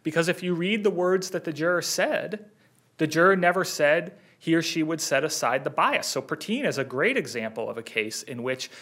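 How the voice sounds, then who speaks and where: A man's voice: on the high side, lively intonation, a bit bright. A man arguing an appeal before judges as counsel, earnest and persistent in his answers. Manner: earnest, persistent, fast-talking rebuttals. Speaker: defense attorney. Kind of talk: appellate oral argument.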